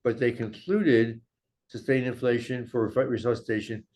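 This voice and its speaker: Older man, medical lecturer, average pitch, measured delivery, slide-by-slide talk. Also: fairly even intonation, a little mellow. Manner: measured, walks through slides and study data.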